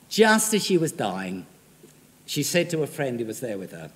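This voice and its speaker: A man's voice: mid-range voice, big pitch swings, normal speed, slightly rough. A male preacher giving an emphatic sermon in a church, often asking his listeners rhetorical questions. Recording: long reverb in a large hall.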